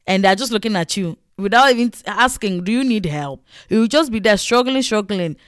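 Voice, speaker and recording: A woman telling casual stories in a chatty, animated way, full of fillers. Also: mid-range voice, brisk, clear, resonant tone, no room sound, clean studio sound. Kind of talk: casual storytelling vlog.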